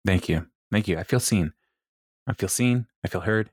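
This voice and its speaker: A man's voice: deep voice, moderate pace, breathy edge, no room sound, studio quality. Laughing man recapping a sitcom. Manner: laughs often, quotes characters in animated voices. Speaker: podcast co-host recapping a sitcom. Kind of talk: casual chat.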